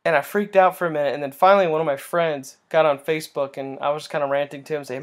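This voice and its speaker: A young man getting over a cold, giving an earnest, halting personal faith testimony with many restarts. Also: on the high side, steady tone. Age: young adult.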